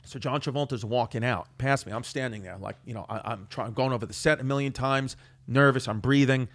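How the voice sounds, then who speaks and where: New guy, comic, spinning a story, lively and self-mocking. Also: medium pitch, fairly quick. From New York, Queens. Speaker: comedian guest. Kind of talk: storytelling on a talk show.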